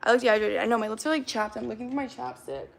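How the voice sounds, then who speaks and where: Gravelly, rambling young woman livestreaming. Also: fairly high pitch, expressive, rapid-fire. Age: 20s. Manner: rambling, heavy use of "like" fillers. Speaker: livestream host. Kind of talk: casual livestream chat reading comments. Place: her apartment.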